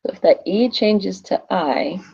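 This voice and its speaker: A woman's voice: mid-range voice, lively intonation, unhurried, gravelly, mellow, husky, lo-fi sound. A woman teaching a Spanish class on a screen recording, asking questions and answering them herself in a chatty way.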